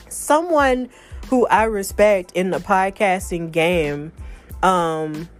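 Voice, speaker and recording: A woman in her thirties hosting a podcast, chatting casually and reading out online posts with exasperated asides. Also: fairly low pitch. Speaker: podcast host. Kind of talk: casual chat, reading out social media posts.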